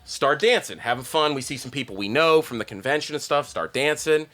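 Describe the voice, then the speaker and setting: Animated, bright-voiced comedian spinning a wild story. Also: male voice, medium pitch, fairly quick. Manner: profane, excitable, peppers story with "like" and "okay?". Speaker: stand-up comedian guest. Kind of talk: podcast storytelling.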